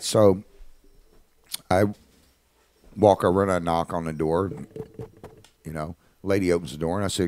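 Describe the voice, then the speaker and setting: A middle-aged man, a radio host, telling a personal anecdote in a blunt, animated, indignant manner. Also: deep voice, moderate pace, pauses often. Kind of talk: casual spoken anecdote.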